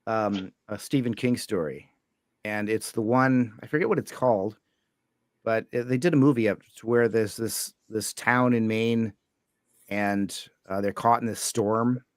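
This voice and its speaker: A man's voice: lowish voice, measured pace, no room sound, clean studio sound. Laid-back man chatting. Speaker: storyteller, channel host. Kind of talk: casual chat on a livestream.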